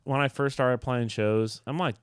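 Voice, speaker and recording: A man's voice: medium pitch, fairly even intonation, moderate pace, clean tone, no room sound, clean studio sound. A man co-hosting a podcast, telling rambling stories full of fillers as a touring musician. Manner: rambling, filler-heavy storytelling. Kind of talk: casual podcast chat.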